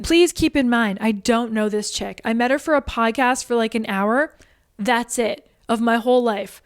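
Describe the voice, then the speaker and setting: A woman telling her side of a personal feud straight to camera, blunt and indignant, often acting out what others said. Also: a little high. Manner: indignant, blunt, quick to act out quoted voices. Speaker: online commentator. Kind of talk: direct-to-camera storytelling.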